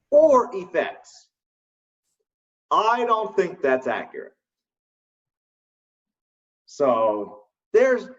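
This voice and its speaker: Distant lo-fi man chatting games. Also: a little high. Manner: animated storytelling, laughs often. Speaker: co-host. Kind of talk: casual gaming chat.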